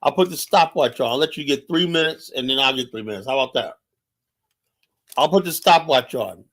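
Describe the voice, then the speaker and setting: Brisk and fairly bright, with a medium pitch, a man hosting a livestream launches into a heated political monologue. He's profane and combative, often repeating himself and challenging viewers directly.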